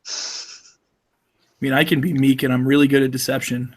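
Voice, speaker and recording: Man, tabletop player, mid pitch, casual, deadpan. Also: brisk. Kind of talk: tabletop game banter.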